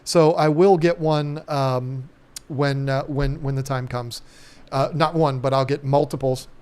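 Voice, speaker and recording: A man's voice: mid-range voice, steady tone, measured pace, a little mellow, clear, resonant tone. A man hosting a casual live stream, rambling in a folksy way with plenty of ums. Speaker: aquarium channel host.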